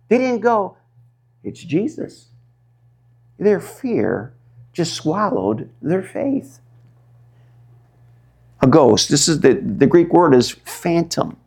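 A man preaching a sermon at a slow, deliberate pace. His voice sits a little high for a man, and he stretches out words for dramatic emphasis, swinging between hushed and loud. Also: creaky, breathy edge. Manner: dramatic, drawn-out emphasis with wide swings in pitch and loudness. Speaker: pastor.

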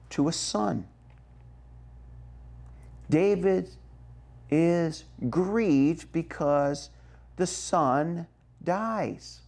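A man preaching a sermon, slow and emphatic, checking in with the congregation as he goes. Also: sits high, a little mellow. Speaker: pastor.

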